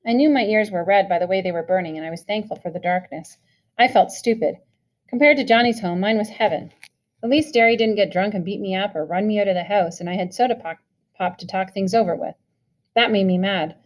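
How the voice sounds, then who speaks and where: A woman's voice: mid-range voice, brisk. Woman reading a novel aloud. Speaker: reader.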